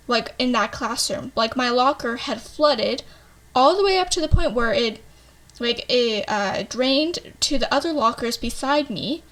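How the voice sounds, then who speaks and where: A woman's voice: high-pitched, a bit bright. A young woman casually telling a storytime tale, full of fillers and "like," and swearing freely. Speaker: vlogger.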